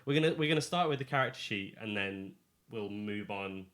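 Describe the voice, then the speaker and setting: Animated and fairly quick, this man has a lowish, fairly bright voice, recorded in an echoey room at home. While getting a tabletop game ready as dungeon master, he rambles chattily and keeps correcting himself.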